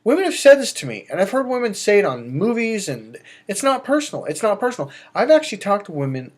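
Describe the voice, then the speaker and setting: A middle-aged man coaching other men on dating, talking straight to the viewer. His pitch sits a little high and swoops all over, jumping up for emphatic bursts and dropping low for asides. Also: fast. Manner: animated and emphatic, swings between loud bursts and low asides. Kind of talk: direct-to-camera advice monologue.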